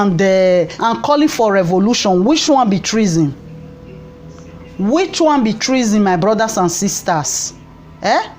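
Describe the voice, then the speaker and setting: A woman's voice: on the high side, darkish tone. A woman from Nigeria with a Nigerian Pidgin English accent, giving impassioned political commentary to camera as a vlogger, fervent and pleading, repeating phrases for emphasis.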